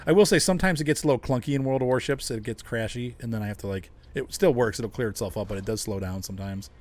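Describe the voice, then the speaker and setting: A man's voice: medium pitch, fast talker, a little mellow. A middle-aged man hosting a casual gaming livestream, chatting and chuckling as he talks to his viewers. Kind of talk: casual livestream chat while playing.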